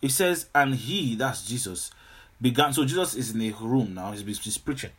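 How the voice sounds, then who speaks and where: A man's voice: medium pitch, lively intonation, moderate pace, a bit bright, husky. A man preaching a sermon, repeating himself often and breaking in with hallelujahs and amens. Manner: repetitive, exclamatory with frequent hallelujahs and amens. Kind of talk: sermon teaching.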